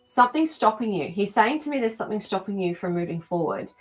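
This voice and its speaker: A woman's voice: mid-range voice, expressive, quick pace, faint music behind. A woman hosting a live animal communication show. She speaks in a casual, searching way with many ums and answers viewers' comments as they come in. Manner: hesitant, searching for words with frequent ums. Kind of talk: live-stream reading, casual chat.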